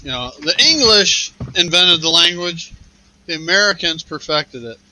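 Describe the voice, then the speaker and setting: A man's voice: fairly high pitch, expressive, moderate pace, noisy background. A man joking and laughing easily in a casual group voice chat. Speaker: chat participant.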